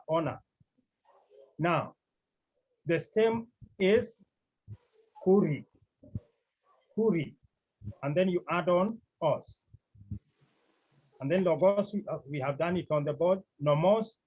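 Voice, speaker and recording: Male Greek teacher with a slightly high, husky voice and a slow, repetitive classroom delivery. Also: a little mellow. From Cameroon. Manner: slow, deliberate, repeats key words, clears throat often. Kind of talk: classroom lecture. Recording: dull lo-fi recording.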